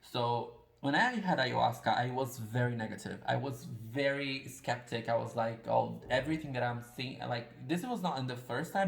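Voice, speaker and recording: A man's voice: medium pitch, vocal fry, echoey room, low-quality recording. A man giving a casual pick-a-card tarot reading, talking in a rambling, confessional and self-deprecating way.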